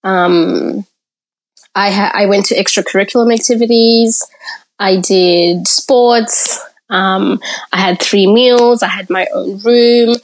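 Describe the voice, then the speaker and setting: An African woman appearing as a podcast guest tells her personal story candidly in an interview. Her middle-pitched voice has fairly even intonation, and she speaks reflectively, pausing to gather her thoughts.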